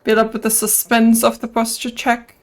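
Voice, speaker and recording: A woman's voice: fairly high pitch, monotone, moderate pace. A woman streaming a video game, chatting casually and playfully, sneezing now and then and singing silly rhymes. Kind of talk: casual gameplay commentary.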